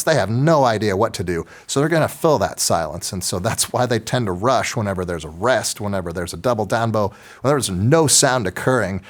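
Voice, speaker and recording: A man explains orchestra rehearsal tricks in a relaxed, folksy way. His voice sits fairly low and he slips in joking asides as he talks. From Texas. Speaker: orchestra teacher. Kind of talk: instructional video talk.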